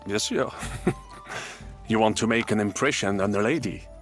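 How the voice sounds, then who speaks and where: A man's voice: fairly low pitch, normal speed, soft background music, natural voice. An actor playing a worldly man who teaches flirting phrases, amused and teasing, tossing in French words. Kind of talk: video game dialogue.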